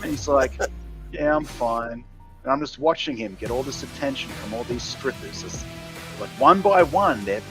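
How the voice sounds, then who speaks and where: A man's voice: a little high, animated, moderate pace, over music, low-quality recording. Profane, rambling Australian man, tipsy. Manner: crude, heavily profane, rambling. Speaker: guest. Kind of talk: casual storytelling.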